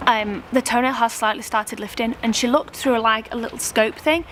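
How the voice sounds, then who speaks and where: A woman with a somewhat high voice talks to a handheld camera outdoors beside a road. She rambles and trips over her words in a chatty vlog manner, and faint noise sits behind her. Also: fairly even intonation, fairly quick, a bit bright. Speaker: family vlogger. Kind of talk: casual vlog chat to camera. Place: outdoors at a roadside.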